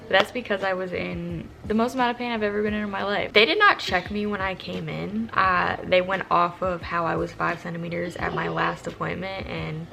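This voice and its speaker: Young woman, vlogger, casual storytelling, gravelly voice, low-ish pitch, blunt and profane. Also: a little fast, hardly any pauses, slight background noise. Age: young adult. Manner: candid, profane, animated retelling.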